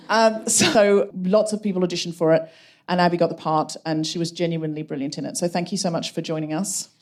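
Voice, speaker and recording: A woman hosting a live comedy podcast on stage, wry and brisk, talking about writing. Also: lowish voice, a little mellow. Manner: brisk, wry, jokey delivery. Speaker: podcast host and writer. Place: live stage show in a London venue.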